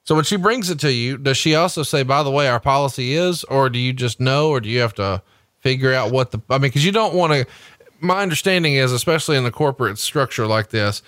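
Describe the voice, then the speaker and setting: A man's voice: mid-range voice, brisk, fairly bright tone, dry recording, studio quality. Male podcast host, mid-range voice, persistent questioner. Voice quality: pressing, conversational questioner. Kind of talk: interview questioning.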